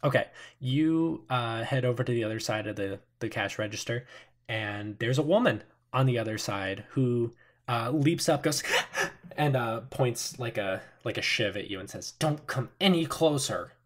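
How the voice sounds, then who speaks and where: A man narrating as game master, relaxed and halting, with many pauses and fillers. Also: mid-range voice.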